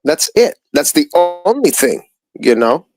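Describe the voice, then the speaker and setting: A man's voice: fairly high pitch, big pitch swings, unhurried, music in the background, low-quality recording. A man ranting profanely in a heated live-stream chat, repeating himself as he airs a grudge. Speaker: stream participant.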